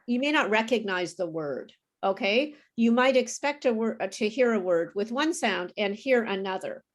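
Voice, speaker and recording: A woman tutoring English pronunciation over a video call, explaining slowly and patiently. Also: fairly high pitch. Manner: slow, careful teacher explaining with apologies and laughs. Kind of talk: online pronunciation lesson.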